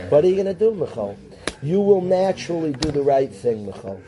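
A man teaching a yeshiva class in a lively way, calling on students by name and mixing Hebrew and Yiddish terms into his English. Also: fairly high pitch, normal speed, a crowd in the background. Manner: animated, calls on students by name. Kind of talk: classroom lecture.

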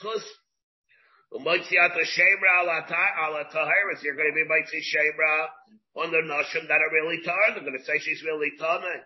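A man, a rabbi, teaching a Talmud class, explaining slowly in English dotted with Hebrew and Aramaic terms, with many restarts. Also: fairly high pitch, steady tone. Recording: dull lo-fi class recording.

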